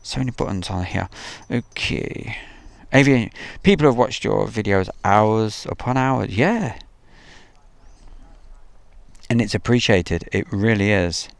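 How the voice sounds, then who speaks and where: Brief: male live-stream host, low gravelly voice, dry close sound, chatty and rambling. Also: unhurried, dry recording. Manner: chatty, rambling, reads viewer messages aloud. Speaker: livestream host. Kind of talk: casual live-stream chat reading viewer comments. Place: outdoors at an airfield.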